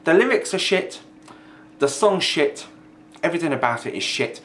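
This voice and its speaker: A man's voice: a little high, sing-song, moderate pace, a bit bright, slight background noise. A young man ranting angrily in a vlog, sweary and mocking, sounding exasperated. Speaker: video ranter. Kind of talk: angry vlog rant.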